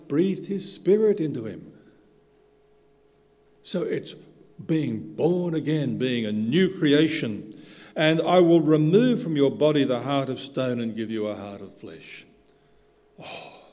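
A man preaching a sermon, swinging between soft asides and loud, emphatic bursts. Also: mid-range voice. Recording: hall reverb.

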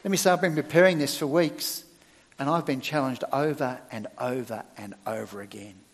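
A middle-aged male church minister preaching a sermon, with emphatic, expressive delivery and sudden loud stresses. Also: mid-range voice, moderate pace, in a large hall.

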